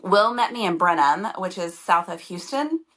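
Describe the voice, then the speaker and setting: A woman's voice: lowish voice, expressive, normal speed, a bit bright. A young woman co-hosts a podcast in easy, casual conversation. She tells her stories eagerly and gushes about them. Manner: enthusiastic, gushing storyteller. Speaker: podcast co-host, professor. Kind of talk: casual chat.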